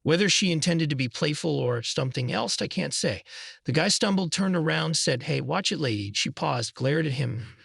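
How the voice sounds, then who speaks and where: A man narrating a first-person story in a measured, scripted way. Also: fairly high pitch, lively intonation, vocal fry, fairly bright tone, husky, dry recording, clean studio sound.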